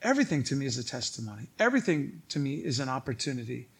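A man's voice: mid-range voice, rapid-fire, gravelly, breathy edge. A pastor with a Chicago accent, telling a funny story in a sermon to his congregation and acting out the voices in the dialogue. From Illinois. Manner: animated, joking, acts out quoted dialogue. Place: church stage before a congregation.

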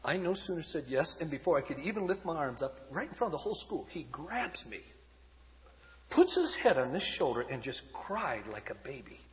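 A man preaching in a storytelling sermon style, swinging between shouted peaks and hushed passages. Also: fairly high pitch, sing-song, moderate pace, big-room sound. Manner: dramatic, shifting from shouts to hushed tones. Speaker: evangelist speaker.

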